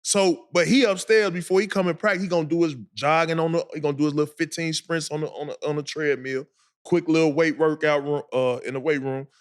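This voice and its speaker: Animated man telling a story. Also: fairly high pitch, brisk, clear, resonant tone. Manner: animated storyteller, acts out quotes, laughs a lot. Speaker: podcast co-host. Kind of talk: casual storytelling.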